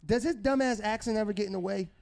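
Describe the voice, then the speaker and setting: A man's voice: high-pitched, fast talker, creaky, a little mellow. A young man co-hosting a podcast, joking and mocking his friend's accent in casual banter. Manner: playful, laughing, mocking. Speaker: podcast co-host.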